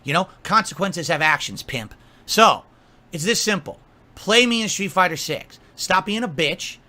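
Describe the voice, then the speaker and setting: A man's voice: high voice, expressive, moderate pace, pushed and bright. A man delivering an angry, profane rant, scolding and mocking someone at length. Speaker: streamer.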